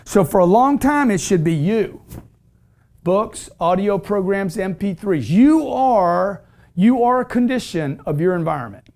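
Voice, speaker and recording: A man's voice: high voice, animated, unhurried, a little mellow. A middle-aged man hosting a call-in show, preaching about money in a brash, emphatic, repetitive way. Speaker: show host. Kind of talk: motivational call-in show talk.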